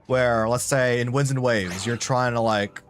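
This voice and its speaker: A man with a mid-range, slightly bright voice and fairly even intonation streams a video game, speaking a little slowly. He chats casually and rambles to his viewers as he plays. Soft music plays in the background.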